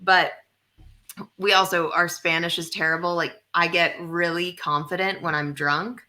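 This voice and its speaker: Woman, from the Midwest, comedy podcast co-host, self-mocking, animated, bright tone, video call. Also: on the low side, moderate pace. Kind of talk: casual comedic chat.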